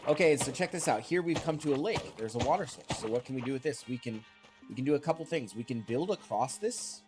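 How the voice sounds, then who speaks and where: A chatty man rambling through casual commentary while he plays, chatting back to viewers as he goes. His voice sits at an ordinary middle pitch with a stuffy, congested edge left over from a cold, and game music runs steadily underneath. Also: expressive, fast. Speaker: streamer.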